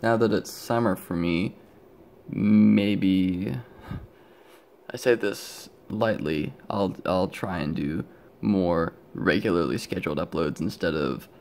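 A young man with a low, darkish voice speaks slowly as he rambles through a casual show-and-tell of his electronics build. As a hobbyist vlogger filming on a handheld camera at home, he sounds sleepy, yawns, and often stops himself mid-thought.

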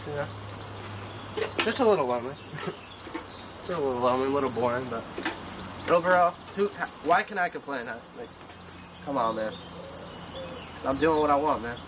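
A clothing designer in a comic mock-documentary, delivering a rambling, profane rant outdoors by his tent, calling everyone "man" and "bro". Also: medium pitch. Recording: noisy outdoor recording.

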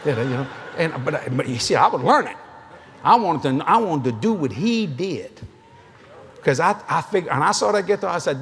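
A man's voice: a little high, lively intonation, a little fast, slight background noise. A male preacher with a Cajun Louisiana accent, telling folksy, joking stories in a sermon and laughing often. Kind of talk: sermon storytelling.

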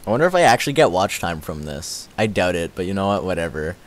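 Young guy streamer, giggly, swings from low mumbles to squeaky yells, super lively. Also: fast. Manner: excitable, giggly, jumps between low mumbles and high squeals. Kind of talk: casual live-stream chat.

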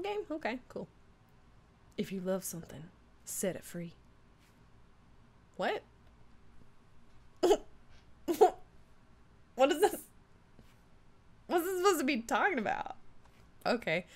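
Giggly sarcastic lady streaming a silly dating game, voice jumps all over the place. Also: medium pitch. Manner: sarcastic, giggly, reacts loudly.

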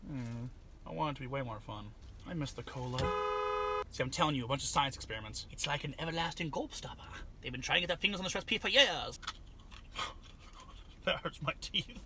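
A man's voice: a little high, animated, a little fast, long pauses, background noise. A man doing a goofy, sarcastic snack taste-test vlog, often slipping into silly bits. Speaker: vlogger.

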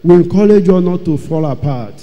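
A man's voice: high voice, animated, a little fast, mellow, dull audio. Man, church testimony, dramatic repetitive storytelling, long hall reverb. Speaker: church member giving testimony.

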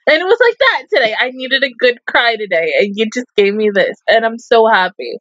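In a dry, lo-fi recording, a young woman gives an emotional, casual anime review. Her slightly high, somewhat bright voice is expressive and brisk, and she swears often, breaks into laughter mid-sentence, and is tearful at moments.

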